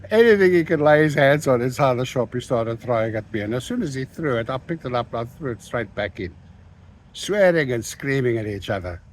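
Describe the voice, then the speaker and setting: An older South African man, a guest on an interview, speaks at a medium pitch and a brisk pace. He tells anecdotes in an animated way, acting out the voices of the people in his stories.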